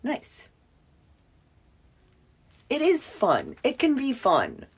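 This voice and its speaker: A woman's voice: sits high, huge pitch swings, extremely slow, husky. A woman giving a casual, playful math lesson at a whiteboard, chatty and joking at herself as she works. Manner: playful, chatty, self-mocking asides. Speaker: math teacher.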